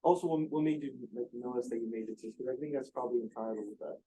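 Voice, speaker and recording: Man, audience questioner, halting delivery, mellow tone. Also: mid-range voice, a little hiss or hum, low-quality recording. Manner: halting, hesitant. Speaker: audience member asking a question.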